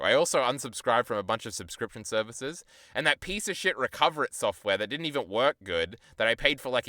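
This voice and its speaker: A man's voice: lowish voice, sharp tone, smooth, no echo, studio quality. A young man streamer rambling in a casual, profane, self-deprecating way while he chats to his viewers.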